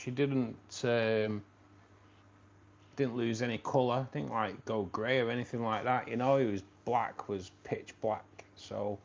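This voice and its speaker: Mancunian male host, mid-pitched, rambly and friendly with "mate", muffled lo-fi sound. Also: darkish tone. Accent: Manchester. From Manchester, England. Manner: rambling, repeats phrases, says "mate" a lot. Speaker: live stream host. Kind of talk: casual live-stream chat with viewers. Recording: dull lo-fi stream audio.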